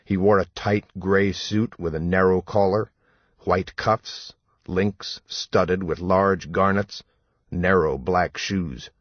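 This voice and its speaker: A man narrating an audiobook in a measured, even storytelling manner. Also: low voice, no room sound, muffled recording. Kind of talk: scripted narration.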